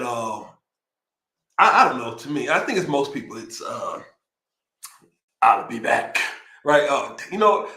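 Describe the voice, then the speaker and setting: Excitable man hosting a live stream. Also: fairly high pitch, roomy sound. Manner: loose and rambling, excitable. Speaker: live show host. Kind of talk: casual livestream talk. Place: home streaming setup near Austin, Texas.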